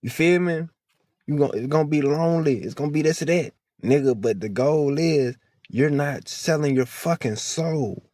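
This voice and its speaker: A slightly high, somewhat mellow male voice at normal speed, with no room sound. He vlogs an emotional monologue to the camera that is preachy and fervent, full of swearing, and close to tears.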